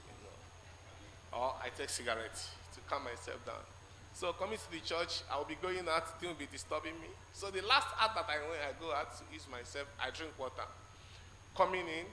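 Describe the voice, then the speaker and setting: A church member with a Nigerian English accent gives his testimony in a large church, his bright, fairly high voice echoing with long hall reverb. He speaks haltingly, pausing to act out what each person said, and faint noise lingers in the hall.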